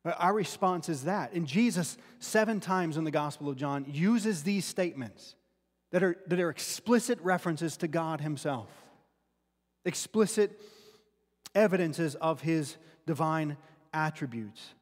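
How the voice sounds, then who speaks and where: Animated but unhurried, a pastor whose voice runs on the high side preaches from scripture. He is earnest and keeps restarting words, all in a room with long hall reverb.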